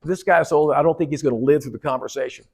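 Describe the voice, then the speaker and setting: A keynote speaker at a conference hall delivers a humorous talk, joking with and teasing his audience. His voice sits on the high side and moves at a quick pace, slightly rough with some vocal fry.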